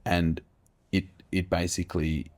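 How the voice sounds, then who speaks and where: A middle-aged man, a podcast guest telling a personal story candidly, animated and emphatic, swearing freely. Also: low-pitched, a little slow. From Australia.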